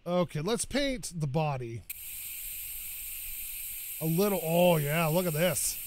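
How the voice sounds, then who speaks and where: Gaming host, male, from Canada, high voice, stuffy nose, rambling and chatty over game noise. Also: animated, slow pace, darkish tone. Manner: rambling, chatty, laughs often. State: stuffed-up, coughing from dust. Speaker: gaming YouTuber. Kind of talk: casual let's-play commentary.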